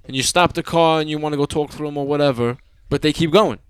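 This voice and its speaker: A man with a thick New York accent talks in loose, swearing banter as a podcast host. His voice sits a touch high for a man and comes through smooth and resonant. The recording is dry and close. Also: quick pace, no echo. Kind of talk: casual chat.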